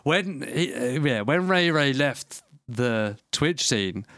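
A man's voice: mid-range voice, animated, takes it slowly, a bit bright, no room sound. Male co-host, laughs easily, swears freely, dry close sound. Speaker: podcast co-host. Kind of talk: casual chat.

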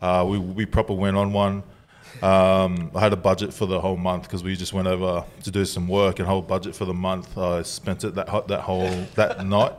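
A man's voice: deep voice, level tone, brisk. Laid-back man telling a story. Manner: laughing, swearing, acts out quotes. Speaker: podcast co-host. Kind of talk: casual storytelling chat. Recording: faint background noise.

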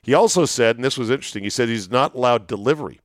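A man hosting a talk show, telling stories in a chatty, wry way, his voice going hoarse. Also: medium pitch, very fast, dry recording, studio quality. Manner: chatty, storytelling, wry asides. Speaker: sports radio host. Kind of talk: solo monologue, casual chat.

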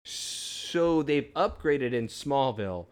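A young man co-hosting a podcast, telling a TV episode in an animated, jokey way. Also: mid-range voice, slow. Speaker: podcast co-host. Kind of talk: casual recap chat.

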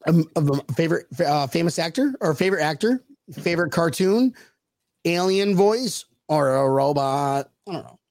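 A man hosts a loose group chat with friends, joking, swearing and stumbling into restarts. His pitch leaps around a lot as he teases his guests. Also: expressive, moderate pace, darkish tone, dry recording. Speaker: podcast host. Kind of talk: casual chat.

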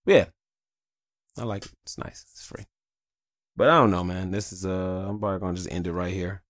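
A man with a low voice hosting a casual solo podcast. He rambles bluntly and swears freely as he talks. The sound is dry, with no room echo. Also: steady tone, brisk, a bit bright. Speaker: podcast host.

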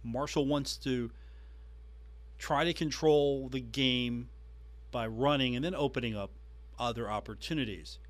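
A man hosting a sports podcast, recapping a coach's press conference with emphatic, animated delivery. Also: mid-range voice, a little slow, pauses often. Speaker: podcast host.

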